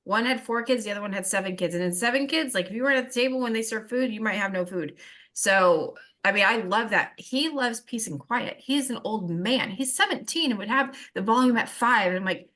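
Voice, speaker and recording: A woman's voice: on the high side, a little fast, sharp tone. A middle-aged woman chatting on a group video call, rambling through stories and acting out the people in them. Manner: rambling storyteller, quotes people in dialogue. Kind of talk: casual chat.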